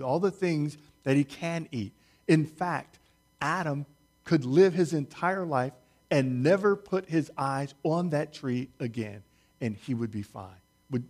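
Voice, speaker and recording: A man preaching a sermon, speaking slowly and deliberately, stressing key words and putting questions to his listeners. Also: mid-range voice, darkish tone.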